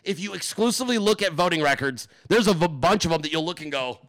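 A man with a high, bright, forceful voice rants on a political livestream. He is emphatic and profane, and he rambles as he talks straight to his viewers and chat. The recording is dry and close, with no room sound. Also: expressive, fast, no room sound. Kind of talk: casual profane political rant.

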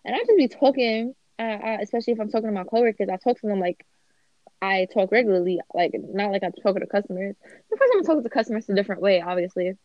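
A young woman, talking fast and slangy in casual chat as a podcast co-host. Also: medium pitch, animated, no room sound, dull audio.

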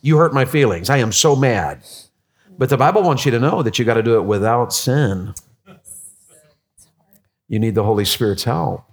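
A man preaching a sermon as pastor, animated and jokey, with many restarts. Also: mid-range voice, normal speed, pauses often, breathy edge.

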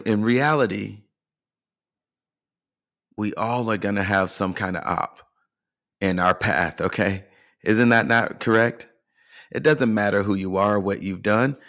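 Steady in tone and unhurried, a man with a lowish, slightly bright voice hosts his motivational podcast. He's a life and fitness coach who speaks earnestly and encouragingly, regularly checking in with the listener.

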